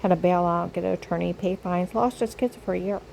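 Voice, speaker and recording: A woman's voice: lowish voice, a little fast, vocal fry, darkish tone, a little hiss or hum, rough recording. An older woman telling a rambling personal story straight to camera, circling back and repeating herself. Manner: repetitive storytelling. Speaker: vlogger.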